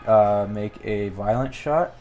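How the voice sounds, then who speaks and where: A man playing a tabletop game, calmly working out his moves aloud with fillers and pauses. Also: lowish voice, faint music behind. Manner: measured, thinking aloud with fillers. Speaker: player. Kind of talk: casual tabletop play.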